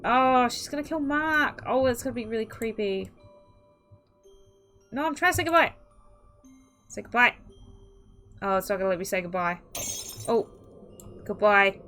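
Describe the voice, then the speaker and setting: A woman's voice: mid-range voice, a bit bright, low-quality recording. A young woman gaming creator reading an interactive horror story aloud, chatty and reactive, with startled outbursts as she comments between lines. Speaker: gaming YouTuber.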